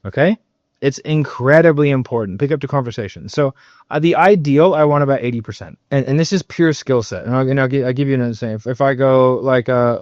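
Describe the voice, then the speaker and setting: A man's voice: medium pitch, fast, darkish tone, no echo. A man with a mid-range voice coaches on sales in a loose, emphatic way, peppering his talk with fillers, the odd curse and constant "right?" checks. The recording is dry and a little dull, with no room sound. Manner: emphatic, loose, swears, many fillers and tag questions. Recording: dull, slightly muffled recording.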